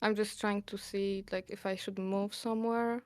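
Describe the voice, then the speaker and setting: Brief: woman player, excitable and profane, clear voice, dry mic. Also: medium pitch, normal speed, no echo. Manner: excitable, swears, laughs often. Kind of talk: casual tabletop play.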